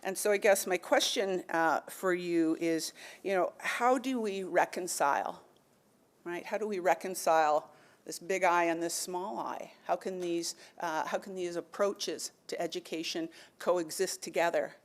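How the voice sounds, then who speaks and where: This woman's voice sits fairly low and moves a little slowly. On an education panel, she animatedly recounts a traditional story before talking things over thoughtfully, with plenty of fillers.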